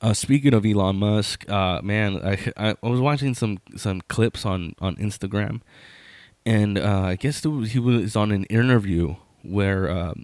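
A man's voice: fairly low pitch, measured pace, a little mellow, dry recording. Rambling man telling a story. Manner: rambling, lots of fillers and restarts. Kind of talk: casual storytelling.

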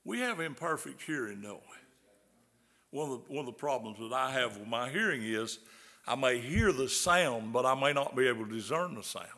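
Older man, Southern US accent, folksy pastor preaching, middle pitch, long hall echo. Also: lively intonation, normal speed, pushed and bright. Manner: folksy, repeats words, asks the audience questions. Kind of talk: sermon. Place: large hall.

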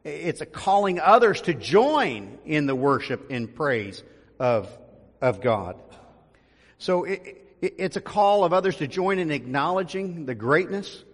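A man's voice: fairly high pitch, big pitch swings, measured pace, slightly rough. A man, a pastor, giving a conversational sermon with frequent ums and restarts, building to emphasis. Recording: long reverb of a large room.

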